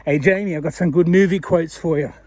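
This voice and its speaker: A man's voice: a little high, a little fast, darkish tone, no echo. A man talking to camera in a rambling, chatty way while walking down a street at night, laughing often. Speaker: vlogger. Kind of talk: casual walking vlog.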